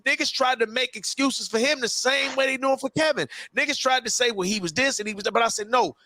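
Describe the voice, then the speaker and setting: A man's voice: very high-pitched, fast, pushed and bright, dry recording. A man hosting a podcast, ranting in a profane, emphatic way and repeating himself to hold the floor. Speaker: show host. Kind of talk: casual podcast rant.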